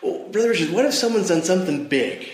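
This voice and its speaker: A man's voice: high-pitched, animated, quick pace. A man giving a church devotional talk. He tells a personal story earnestly and speaks straight to his listeners. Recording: echoey room.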